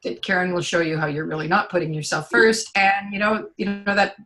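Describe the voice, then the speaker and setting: A woman giving a client testimonial in casual conversation, chatty and animated as she tells her stories. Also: on the low side, a little fast.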